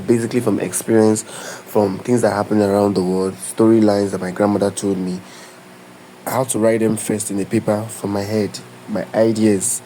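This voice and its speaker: A man's voice: fairly low pitch, dark tone, slight background noise, poor audio. Man teaching, keeps checking you follow. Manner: instructive, keeps asking "do you understand?"; loose, repeats and restarts phrases. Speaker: tutorial creator. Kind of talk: live screen-share tutorial.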